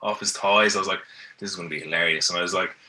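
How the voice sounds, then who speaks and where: A man's voice: deep voice, steady tone, very fast, bright, forceful tone. An Irish man on a podcast as a guest, telling stories in an easygoing, rambling way and often restarting. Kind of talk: casual chat, telling stories. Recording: mic at a distance.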